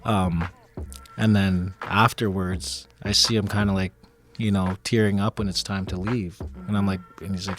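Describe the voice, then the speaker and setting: A man's voice: deep voice, steady tone, moderate pace, a bit bright. A man on a radio panel, telling a story and acting out the quoted dialogue. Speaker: panelist and ceremony helper.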